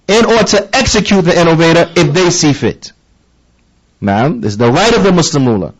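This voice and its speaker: A man with a fairly high voice preaches an earnest lesson. He stresses his points by repeating them and checks in with his listeners through quick rhetorical questions. His speech has a flavor. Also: low-quality recording. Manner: emphatic, repeats key phrases, asks listeners rhetorical questions. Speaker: religious teacher. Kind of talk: lecture-style sermon.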